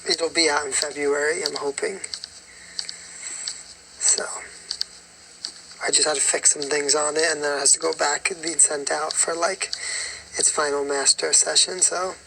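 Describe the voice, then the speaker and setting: A man's voice: on the high side, steady tone, normal speed, creaky, long pauses, noisy background. A man from Staten Island, New York chatting casually with viewers on a livestream, sleepy and yawning, laughing often. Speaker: singer hosting a livestream.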